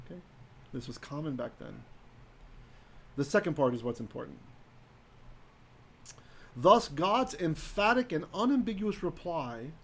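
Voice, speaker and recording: A man teaching a live-streamed Hebrew Bible lesson in a conversational way, often asking "right?" and reading Hebrew verses slowly aloud. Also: a little high, big pitch swings, a bit bright, slightly rough.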